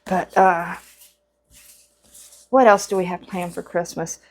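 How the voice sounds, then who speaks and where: Speaking slowly at a fairly low pitch, a woman vlogger keeps a steady, slightly mellow tone while crocheting in front of the camera. Her talk is chatty and meandering, with many fillers, restarts, and self-corrections.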